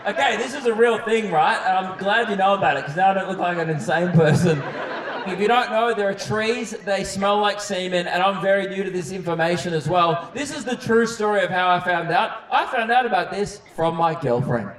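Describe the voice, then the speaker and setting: A man's voice: high voice, brisk, a crowd in the background. A man doing stand-up comedy on a theatre stage, brash and cheeky, often laughing at his own jokes. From Australia. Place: large theatre stage before a live audience. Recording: roomy live hall with loud audience noise.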